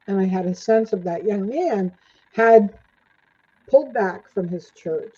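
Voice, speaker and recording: A woman's voice: medium pitch, moderate pace, dark tone, breathy edge. An older woman, a returning interview guest, telling her own stories in a chatty way, laughing often and acting out what people said. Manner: chatty, laughs often, acts out quoted lines. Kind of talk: storytelling in a casual interview. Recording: dull lo-fi sound.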